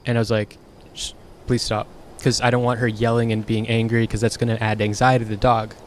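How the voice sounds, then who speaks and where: A man's voice: mid-range voice, flat delivery, fast, slight background noise. Frank, swearing young man telling a story. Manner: frank, exasperated, swears freely. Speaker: streamer. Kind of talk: casual storytelling monologue.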